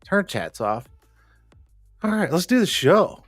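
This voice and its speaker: A man's voice: high voice, very animated, slow pace, no echo, clean studio sound, faint music behind. A man hosting a casual livestream chat, joking and swearing as he goes, his voice a bit strained. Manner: loose, joking, swears and laughs often. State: slightly strained voice. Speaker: livestream host.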